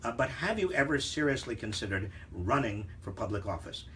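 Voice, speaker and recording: An older man hosting a live Q&A show, talking in a halting, conversational way with many fillers and some wry, teasing humor. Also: medium pitch, very animated, fairly bright tone, a little hiss or hum. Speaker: host answering viewer questions.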